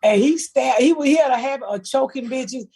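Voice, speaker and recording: A woman's voice: high voice, normal speed, dark tone, breathy edge. A middle-aged woman hosting a podcast, telling stories in a blunt, profane, comedic way and laughing through them. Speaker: podcast host. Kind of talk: casual comedic storytelling.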